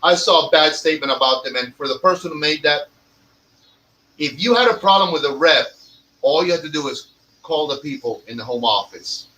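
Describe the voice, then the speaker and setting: Man, tobacconist, profane emphatic storyteller, high pitch, bright tone. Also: lively intonation, a little fast, poor audio. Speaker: cigar lounge owner and tobacconist. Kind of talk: casual podcast rant.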